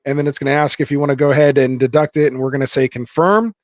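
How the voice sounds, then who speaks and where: A man's voice: medium pitch, level tone, racing, a little mellow, no room sound. A man hosting a live fantasy football stream, chatting casually with viewers and reading their comments aloud with lots of fillers. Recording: dull dry lo-fi mic.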